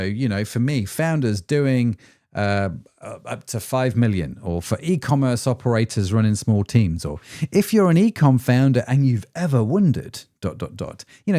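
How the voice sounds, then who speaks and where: A middle-aged male podcast host talks through his thoughts solo in a chatty, self-deprecating way, often tagging on rhetorical questions. His voice sits low and mellow yet swings widely in pitch. The sound is close and dry. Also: dry recording. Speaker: podcast host, ecommerce founder.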